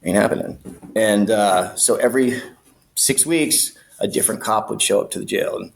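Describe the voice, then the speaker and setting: A man, a podcast guest, telling a story in a casual, animated way, swearing freely and acting out the people in it. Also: on the low side, normal speed, gravelly, a little hiss or hum. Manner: animated, profane, acts out voices.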